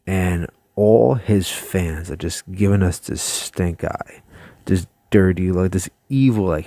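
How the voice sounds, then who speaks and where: A man with a lowish, mellow voice tells a personal story straight to his viewers, chatty and animated, laughing as he goes. The sound is dry and close, with no room around it. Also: a little slow, no room sound. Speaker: channel host. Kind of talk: casual storytelling to camera.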